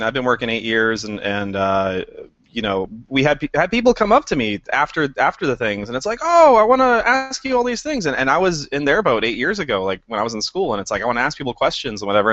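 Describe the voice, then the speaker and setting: A man's voice: mid-range voice, lively intonation, quick pace, pushed and bright, no echo. A man, a game director guest, chatting casually in an interview, rambling and laughing at himself. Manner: rambling, chuckling, self-deprecating. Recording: dry, slightly dull podcast audio.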